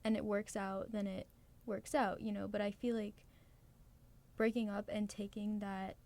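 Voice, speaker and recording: A teenage girl from New Jersey co-hosting a podcast, laid-back and giggly, with halting filler-heavy speech. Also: medium pitch, flat delivery, darkish tone. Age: teens. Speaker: podcast co-host. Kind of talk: casual chat.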